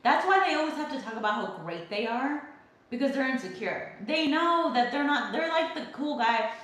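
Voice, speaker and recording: A woman's voice: high-pitched, lively intonation, normal speed, fairly bright tone. A young woman from California hosting a casual livestream, reading chat comments and ranting freely with some swearing. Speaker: livestream host. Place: home kitchen. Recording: very echoey room.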